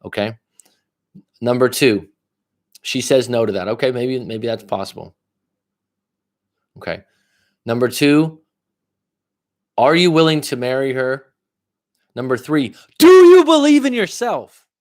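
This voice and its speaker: A life coach gives casual livestream advice, blunt and full of profanity, talking straight to a viewer. His everyday middle-pitched voice is unhurried and pauses often. He leans hard on key words, then drops into low asides, swinging lively between loud emphasis and quiet remarks.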